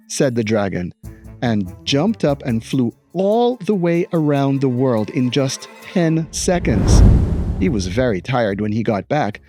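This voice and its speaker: Lively-voiced man reading a picture book. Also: mid-range voice, measured pace, faint music behind. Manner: expressive storytelling, playful asides. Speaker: teacher. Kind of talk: picture book read-aloud.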